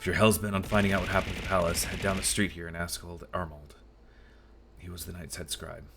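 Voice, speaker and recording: A man voicing a weary retired male palace guard from a fantasy game, with gruff, old-fashioned soldier speech. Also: sits low, flat delivery, quick pace, music in the background. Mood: grim.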